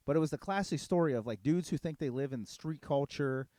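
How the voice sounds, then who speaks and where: A man's voice: on the high side, a little fast, warm tone, no room sound. A middle-aged man telling a heated story in casual, profane podcast chat. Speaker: podcast co-host.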